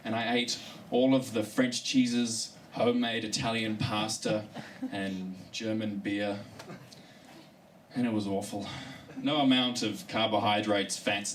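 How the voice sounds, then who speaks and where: A male comedian telling a story in a live stand-up comedy set. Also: lowish voice. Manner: storytelling, animated delivery. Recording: distant mic with live room noise.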